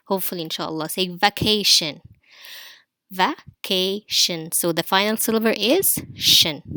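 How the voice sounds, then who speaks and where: A woman teaching an online spelling lesson to young pupils, explaining slowly and repeating each word for the class to say. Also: fairly low pitch, bright, forceful tone, smooth, dry recording, studio quality.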